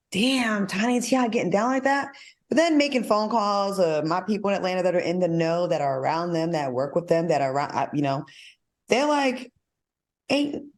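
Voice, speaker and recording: A woman's voice: fairly low pitch, darkish tone. Sassy woman hosting a talk show. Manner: sassy, blunt and playful. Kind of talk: casual talk show banter.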